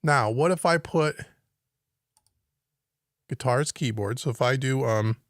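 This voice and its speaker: Slow and medium-pitched, a man guides viewers through recording software on a live stream from his home studio. He thinks aloud while working and puzzles over the screen, and the studio-quality sound has no echo.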